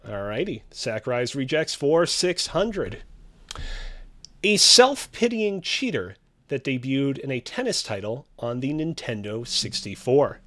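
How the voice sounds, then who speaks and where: A man's voice: medium pitch, sing-song, unhurried, fairly bright tone. A man hosting a trivia game show, reading clues with a theatrical, teasing quiz-host delivery.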